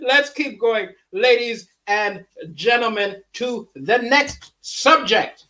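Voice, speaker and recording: Taking his time, a man performs a home livestream of a stand-up monologue. Expect animated talk, big shifts in pitch, and little chuckles after his jokes.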